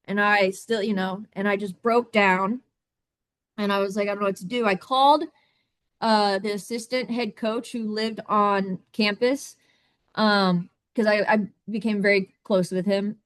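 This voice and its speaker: A woman in her thirties speaking on a video call, telling her own story in a halting way with many restarts and repeated words. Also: medium pitch, fairly even intonation, a bit bright, no room sound. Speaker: summit guest speaker. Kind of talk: candid personal storytelling.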